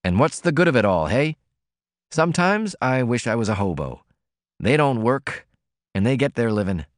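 A man voicing a worn-out, blustering male laundryman who talks in a rough, folksy drawl. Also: medium pitch, sing-song, moderate pace, dry recording, clean studio sound, natural voice. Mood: weary.

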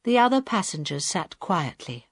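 A woman reading a story aloud as an audiobook narrator, in a deliberate, even storytelling manner. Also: on the low side, husky, no echo, clean studio sound. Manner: slow, deliberate reading with quiet voiced dialogue. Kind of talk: scripted narration.

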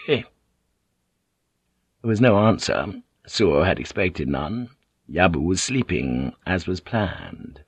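Man reading an audiobook, measured, husky kinda low voice, dry sound. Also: darkish tone, dry recording. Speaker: audiobook reader. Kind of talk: scripted narration.

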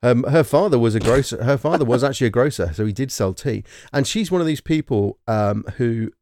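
A man's voice: medium pitch, lively intonation, a little fast, a little mellow, no echo, studio quality. A man with a southern English accent co-hosting a film podcast, rambling with plenty of fillers and casual swearing. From England. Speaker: podcast co-host. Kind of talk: casual chat.

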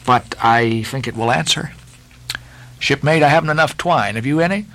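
A man voicing a calm, scheming sailor who speaks quietly with sly confidence in a storybook reading. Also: medium pitch, moderate pace.

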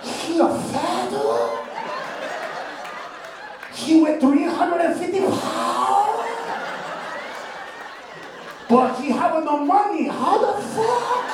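A man's voice: very high-pitched, very animated, heavy reverb, far from the mic, a crowd in the background, noisy background, exaggerated voice. A man doing a baffled, stiffly formal mathematician. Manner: broken, overly formal English, slow baffled exclamations.

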